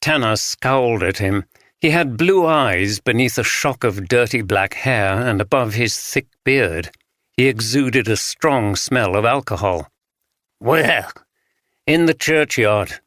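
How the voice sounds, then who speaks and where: A man narrating a mystery audiobook in a steady, measured reading. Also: medium pitch, no echo, studio quality.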